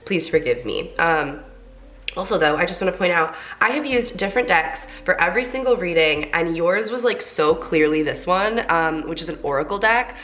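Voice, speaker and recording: Congested from a cold, a young tarot reader speaks in a lowish, slightly bright voice at normal speed, sounding animated. Her reading is chatty, filler-heavy, and encouraging.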